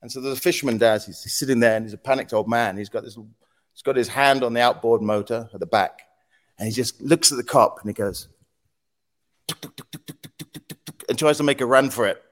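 Speaking quickly in a mid-range voice, a podcast guest who used to lead a news agency tells animated stories in a casual interview. He acts out what people said, adds sound effects and laughs a lot.

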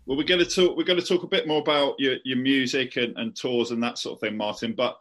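A man hosting a casual chat, talking in an enthusiastic, relaxed way with plenty of fillers. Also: mid-range voice, quick pace. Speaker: podcast host.

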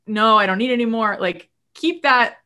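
A woman talking as a guest on a podcast, animated and emotional, acting out quoted voices as she speaks. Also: fairly high pitch, moderate pace. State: moved to tears at times. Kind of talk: casual podcast conversation.

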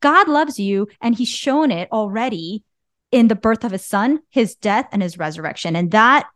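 A woman's voice: fairly high pitch, animated, normal speed, fairly bright tone, dry recording, studio quality. A woman co-hosting a casual faith podcast, earnest and a little teasing. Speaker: podcast co-host.

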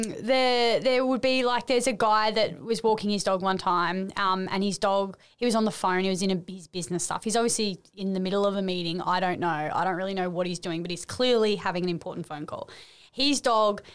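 An Australian woman who is a pet expert and podcast guest, chatting playfully with quick banter and frequent laughs. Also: medium pitch, clear, resonant tone. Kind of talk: casual chat.

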